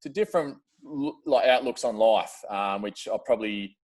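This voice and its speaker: A man's voice: mid-range voice, normal speed, a little mellow. An Australian man chatting casually as a podcast guest, laid-back and slangy, laughing often. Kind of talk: casual chat.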